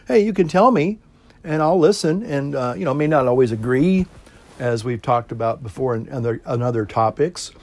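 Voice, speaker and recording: A middle-aged male priest talks casually to his viewers, relaxed and rambling, with plenty of fillers. He chuckles now and then and breaks off to puff on a pipe, his voice sitting at an ordinary middle pitch. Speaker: priest and pipe-smoking video host. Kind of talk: casual talk to camera.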